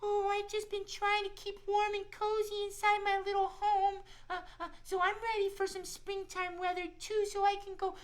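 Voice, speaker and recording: A man doing Shiloh, a high, shy little squirrel. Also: completely flat delivery, normal speed, hardly any pauses. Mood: eager. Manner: eager and chatty, stumbles over repeated words. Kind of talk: children's puppet show.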